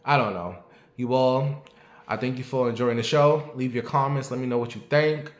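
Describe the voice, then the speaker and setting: Man, late 30s, show host doing casual commentary; blunt and profane, mid pitch, echoey room. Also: moderate pace. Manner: blunt, profane and talkative, asking the audience questions. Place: at home.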